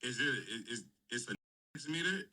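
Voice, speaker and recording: A man's voice: medium pitch, expressive, normal speed, sharp tone. A man talking hesitantly in casual chat, stumbling over his words, from away from the mic. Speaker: friend on the stream. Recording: distant voice off mic.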